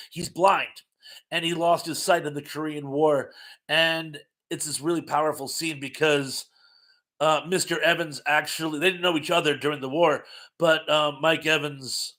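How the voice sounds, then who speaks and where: A middle-aged man with a pushed, bright voice on the high side hosts a casual live-stream trivia chat. He reads quiz questions and viewer comments in a chatty, self-mocking way, laughing often and stumbling over his words.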